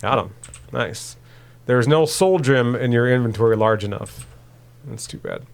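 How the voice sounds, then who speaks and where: A man's voice: medium pitch, unhurried, vocal fry. A man co-hosting a podcast, chatting casually and laughing easily while narrating his video game play. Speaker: podcast co-host playing the game.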